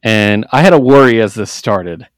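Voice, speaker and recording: A man co-hosting a casual podcast, recapping comics in an animated way, jumping into quick character voices and laughing often. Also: on the low side, dry recording. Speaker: podcast co-host. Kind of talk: casual comic book chat.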